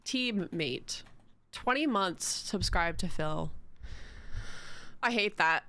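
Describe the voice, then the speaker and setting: A woman's voice: lowish voice, lively intonation, slow, bright, forceful tone. A young woman streaming live, chatting in a rambling, giggly, self-mocking way to her chat.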